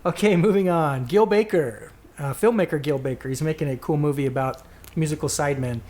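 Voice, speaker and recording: His voice is a little high and a little mellow, and he talks fairly quickly. As a podcast co-host he keeps things casual and rambling, reading listener answers aloud and correcting himself along the way.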